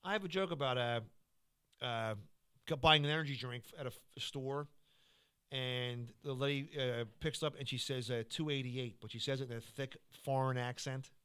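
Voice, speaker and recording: A man's voice: medium pitch, normal speed, a bit bright, clear, resonant tone. A man who is a comedian, chatting casually on a podcast, rambling through his stories with frequent stammering restarts.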